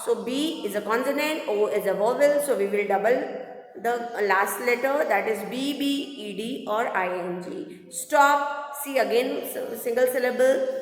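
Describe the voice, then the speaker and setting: A woman with an Indian English accent teaching a primary English class in a recorded video, patiently repeating herself, addressing the children and spelling words out letter by letter. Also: on the high side. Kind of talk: recorded online class explanation. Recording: echoey room with long reverb.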